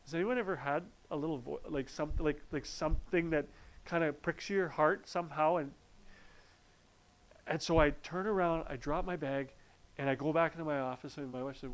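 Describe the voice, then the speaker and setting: A man's voice: a little high, normal speed, low-quality recording. A man telling a personal faith testimony in an earnest storytelling way, often restarting his sentences. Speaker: speaker sharing a faith testimony. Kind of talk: live-streamed spoken testimony.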